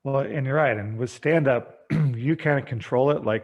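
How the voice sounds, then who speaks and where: A man speaking as a podcast guest, an energetic storyteller who acts out bits of dialogue. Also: mid-range voice, unhurried, hardly any pauses, dull audio. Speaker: guest, treatment center founder. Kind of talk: podcast interview.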